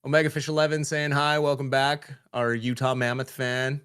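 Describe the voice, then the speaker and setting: A man giving color commentary and chat shout-outs on a fan hockey livestream, relaxed and halting with many fillers. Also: mid-range voice, clean tone.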